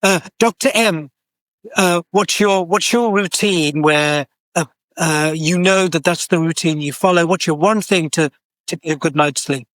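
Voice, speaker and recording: A man hosting a panel discussion, polite and encouraging, with many soft acknowledgements. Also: a little high, a little slow, no room sound. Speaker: host.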